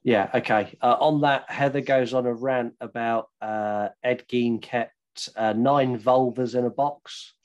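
A man's voice: mid-range voice, fairly even intonation, a little slow, few pauses, lo-fi sound. A young Englishman co-hosting a podcast, rambling and jokey in casual chat and swearing freely. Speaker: podcast co-host.

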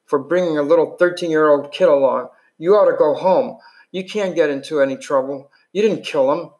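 A man's voice: on the high side, brisk, a little mellow, close to an everyday voice. A man voicing a frightened, guilt-ridden teenage boy in a novel he reads aloud, in a plain everyday voice close to his own. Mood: miserable.

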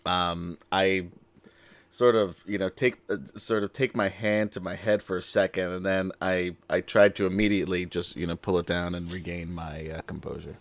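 A man playing in a tabletop game, speaking calmly and formally in character. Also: deep voice, moderate pace, no room sound. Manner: calm, formal, dry. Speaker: player. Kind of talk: tabletop role-play.

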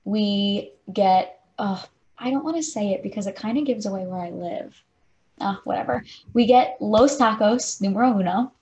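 A woman's voice: mid-range voice, normal speed, darkish tone, highs cut off, a little hiss or hum. A young woman in her twenties co-hosting a podcast, telling a story casually and saying "like" constantly. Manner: chatty, fills speech with "like". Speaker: podcast co-host.

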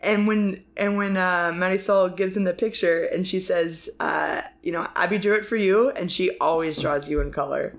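A woman co-hosts a casual film discussion podcast, talking in quick, rambling bursts full of likes, fillers, and restarts. Her voice is fairly low in pitch and creaky.

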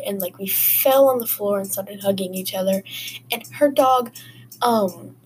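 A woman's voice: mid-range voice, measured pace, slight background noise, low-quality recording. A woman hosting a casual podcast, telling personal stories in a rambling, chatty way full of fillers. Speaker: podcast host. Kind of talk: casual storytelling.

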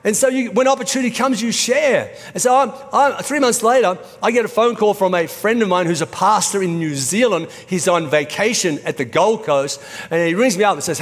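A man's voice: sits high, fairly quick. A middle-aged man preaching a sermon as pastor, in a conversational storytelling way. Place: church auditorium. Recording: reverberant church hall.

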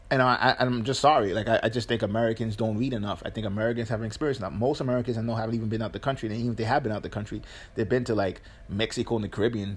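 A man's voice: fairly high pitch, a bit bright. A middle-aged man giving a blunt, profane political commentary monologue, full of rhetorical questions.

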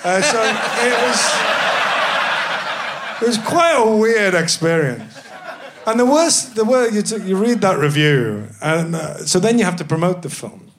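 A man's voice: high-pitched, expressive, a little slow, a crowd in the background. A man, an actor guest, telling rambling, self-mocking anecdotes in a casual chat with many restarts. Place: live podcast stage.

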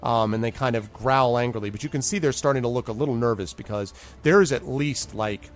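A man's voice: medium pitch, fairly quick, soft background music. A man narrating a tabletop game as game master, rambling with many fillers as he describes the action.

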